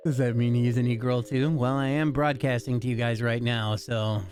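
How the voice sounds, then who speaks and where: Joking, profane streamer. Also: male voice, mid-range voice, steady tone, normal speed, a little mellow, a little hiss or hum. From Chicago, US. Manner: joking, profane, laid-back. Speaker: livestreamer. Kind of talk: casual chat with viewers. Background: music.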